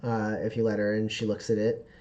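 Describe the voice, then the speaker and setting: Man, game master, tabletop game narration, halting, filler-heavy. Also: fairly low pitch, monotone, warm tone, lo-fi sound. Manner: halting, lots of fillers and laughs.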